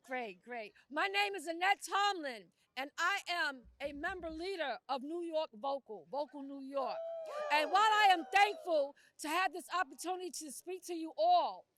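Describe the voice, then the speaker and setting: Impassioned woman activist at a rally, very high pitch, forceful and indignant, plain everyday phrasing. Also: dry recording. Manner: indignant, forceful, rising to shouts; casual speech with "y'all" and "I'ma".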